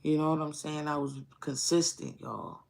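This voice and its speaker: A streamer recounts personal experiences in a frank, reflective, casual way, with plenty of swearing and repeated phrases in his speech. His gravelly voice is a little high, level in tone, and moderately paced.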